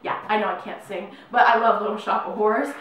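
A woman's voice: medium pitch, fairly even intonation, fast talker, a bit bright. A middle-aged woman hosting a casual horror unboxing vlog at home, bubbly and gushing, with lots of fillers. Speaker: YouTube unboxing host. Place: home room, in New Mexico. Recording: very echoey room, mic at a distance.

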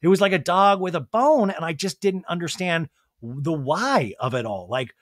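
A man's voice: fairly high pitch, animated, normal speed, no room sound, clean studio sound. A man hosting a podcast, giving a casual, chatty and digressive recap commentary. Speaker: podcast host.

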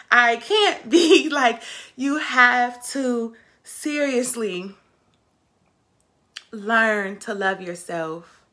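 A woman's voice: medium pitch, sharp tone. A woman vlogging to camera about self-love, talking in an emphatic, repetitive way and calling her viewers "baby" and "ladies". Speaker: vlogger and travel nurse. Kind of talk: casual motivational talk to camera.

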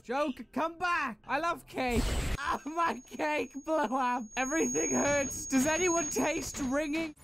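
A young woman reacts to her video game with a high voice, screaming, swearing and cracking up constantly. She drags out her words at an unhurried pace. Loud game music runs under her commentary. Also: vocal fry. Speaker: gaming streamer. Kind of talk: gameplay commentary.

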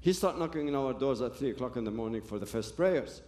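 This man talks fast with lively intonation in a mellow, medium-pitched voice, recorded in an echoey room. He's giving a personal testimony to an audience, earnestly recounting his story with broken phrases and restarts.

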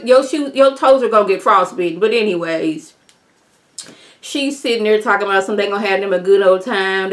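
A woman's voice: mid-range voice, a bit bright. A woman YouTuber giving a casual, sassy review of a reality TV episode, talking straight to her viewers and sounding exasperated.

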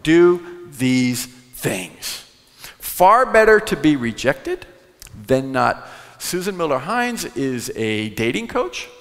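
A man's voice: fairly high pitch, slow. A man giving a live conference talk on sales, telling stories and acting out the people in them. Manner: animated storyteller who acts out quoted voices. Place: large conference hall. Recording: long hall reverb.

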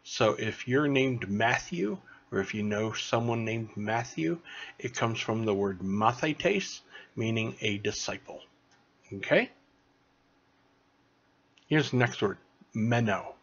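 A man speaks in an unhurried, patient tutoring voice, stopping to check understanding with a quick "okay?" after each point. His voice sits a little low and slightly husky, and the recording sounds dull and lo-fi. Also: expressive, a bit bright. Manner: slow, patient teaching with frequent "okay?" checks. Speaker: Greek tutor. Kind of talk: recorded online lesson.

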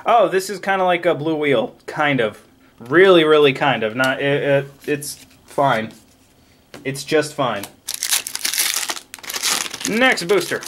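A man casually opening trading card packs on camera, excitably rattling off card names and cracking jokes. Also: mid-range voice, slight background noise. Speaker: card pack opening vlogger. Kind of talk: casual card unboxing commentary.

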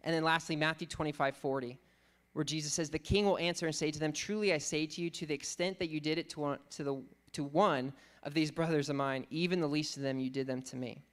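A man with a somewhat high voice, preaching. He teaches earnestly, slowing down for scripture and stopping now and then to search for a word. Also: fairly even intonation, fairly bright tone. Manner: earnest teaching, quotes scripture slowly, thinks aloud with fillers. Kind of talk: sermon.

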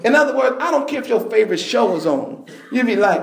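A man preaching a sermon, telling a story with bursts of shouting and laughter. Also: very high-pitched, animated, quick pace, vocal fry, roomy sound.

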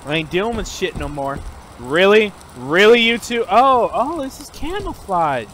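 A man trash-talking other players in game voice chat, loud and profane, yelling taunts. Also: high voice, sing-song, normal speed, very noisy. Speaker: gamer streamer.

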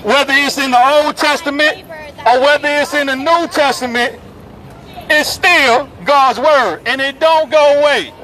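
A man preaching in the open air on a city street, forceful and repetitive, calling out the people passing by. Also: very high voice, unhurried, low-quality recording. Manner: forceful and repetitive, calls out passersby. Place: busy city street outdoors. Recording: street crowd and traffic noise. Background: crowd chatter and passing vehicles.

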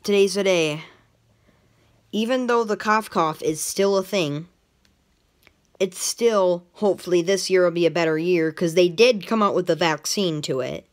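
A woman talking to camera in a casual vlog, thinking aloud in a rambling, unhurried way. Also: fairly low pitch. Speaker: vlogger.

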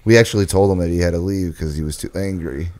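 A man's voice: low-pitched, fast talker, a little mellow. A man co-hosting a casual podcast, telling stories in a laid-back way, swearing freely. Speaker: podcast co-host. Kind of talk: casual chat.

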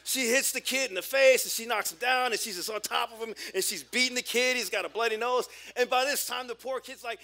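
A pastor in his forties preaches with a high, strikingly bright and ringing voice. He tells a personal story with animated energy, stumbling through restarts as he goes. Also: fast talker, hardly any pauses. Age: 40s.

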